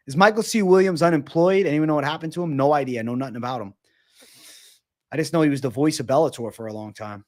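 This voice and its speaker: A man's voice: fairly high pitch, quick pace, darkish tone. Casual male MMA streamer, profane, chatty, reads out chat. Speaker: MMA livestream host.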